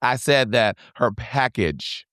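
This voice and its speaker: A man co-hosting a casual recap chat, acting out scenes in squeaky put-on voices. His voice is smooth and clear, mid-pitched, with a dry close sound. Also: slow, no echo. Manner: animated, laughs, acts out scenes in squeaky voices. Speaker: podcast co-host.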